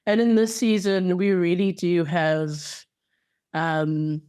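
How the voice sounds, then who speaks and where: A woman's voice: fairly low pitch, flat delivery, slow pace, dark tone, smooth. A woman co-hosting a podcast in casual chat, enthusiastic and playful, with slangy asides and frequent ums. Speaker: podcast co-host.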